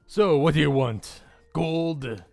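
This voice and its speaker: A man's voice: a little high, takes it slowly, gravelly, darkish tone, soft background music, voice pushed up, exaggerated voice. A man voicing a young cursed princess who is bewildered and indignant, as he reads a visual novel aloud. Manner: indignant, confused.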